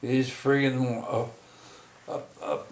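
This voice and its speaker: A middle-aged man, rambling through a personal story with many halting restarts and tag questions. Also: medium pitch, lively intonation, a little mellow, echoey room. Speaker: vlogger telling a personal story.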